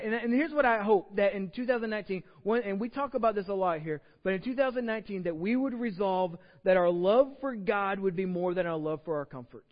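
High-voiced Texan pastor in an echoing church. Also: male voice. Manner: conversational preaching, reads scripture aloud, repeats words. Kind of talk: sermon. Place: church sanctuary. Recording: dull sound with long hall reverb.

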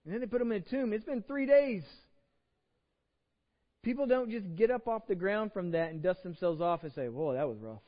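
A man's voice: high voice, normal speed. A man preaching a sermon as a pastor, conversational and self-deprecating, acting out quotes as he goes. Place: church sanctuary. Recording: dull sound with long hall reverb.

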